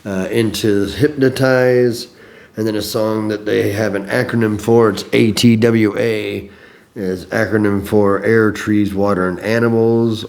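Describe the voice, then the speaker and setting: A man's voice: lowish voice, a little mellow. Rambling, cursing man from Illinois. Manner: rambling, profane, self-deprecating. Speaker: podcast host. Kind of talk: casual monologue recap.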